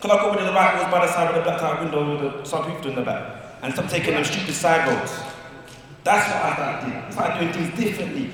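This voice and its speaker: A man speaking at a community forum, telling stories in lively slang and often asking if people follow him. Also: fairly high pitch, slight background noise. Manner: lively, storytelling, slangy, asks "you get me?". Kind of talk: animated community discussion. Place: large community hall. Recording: echoey hall, distant mic.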